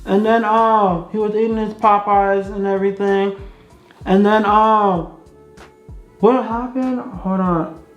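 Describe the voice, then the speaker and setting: A woman's voice: medium pitch, fairly even intonation, takes it slowly. A young woman vlogger telling a casual story, chatty and repetitive with many fillers. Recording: echoey room, dull sound, faint music.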